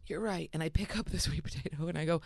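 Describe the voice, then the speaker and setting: A young woman, a comedian, telling brash, profane stories in a casual studio chat and acting out people in shrill voices. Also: racing, no echo. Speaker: comedian guest. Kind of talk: casual studio talk, storytelling. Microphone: studio mic.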